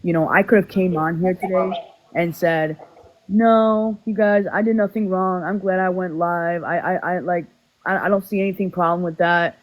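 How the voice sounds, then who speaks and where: A man's voice: high-pitched, fairly even intonation, moderate pace, low-quality recording. A man talking on his own livestream, rambling and repeating himself as he speaks about taking accountability, earnest and defensive. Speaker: livestream host. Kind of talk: livestream apology talk.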